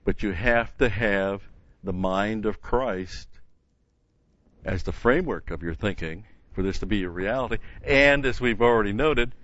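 A man's voice: on the low side, unhurried, fairly bright tone, no room sound, dull audio. A man teaching a Bible study in an earnest, emphatic way, stopping often with "uh" and restarting phrases.

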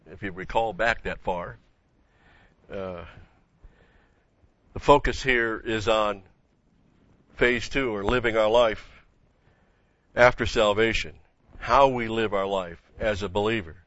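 A man teaching the Bible sermon-style, halting with many fillers and asking rhetorical questions. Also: fairly low pitch, a bit bright, dry recording. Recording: dull lo-fi recording.

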